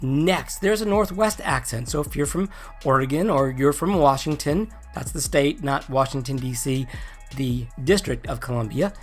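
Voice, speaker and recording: A wry, joking host talks through a casual explainer video. The accent is neutral General American, the New England roots mostly smoothed away. The pitch sits in the middle range, and faint music plays underneath. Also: expressive, moderate pace. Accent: neutral General American, native New England accent mostly dropped.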